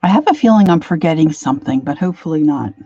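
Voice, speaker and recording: A woman's voice: low-pitched, animated, quick pace, warm tone, husky, dry recording. An older woman hosts an art livestream and chats casually, greeting viewers one by one by name. She is chatty and a little emotional. Her voice comes through slightly muffled and dry from a computer mic set too far away. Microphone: computer mic, set far from her face.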